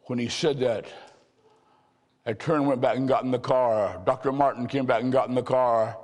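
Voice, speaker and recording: A male preacher telling revival stories in a sermon, shifting between loud exclamations and slow, hushed emphasis. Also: medium pitch, steady tone. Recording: long hall reverb.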